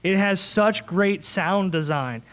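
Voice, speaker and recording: A man with a notably high voice moderates a fan convention panel. He talks in a loose, rambling way, cracking jokes and laughing as he goes. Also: slow pace, fairly bright tone, clean tone. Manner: jokey, rambling, laughs often. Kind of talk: casual convention panel chat.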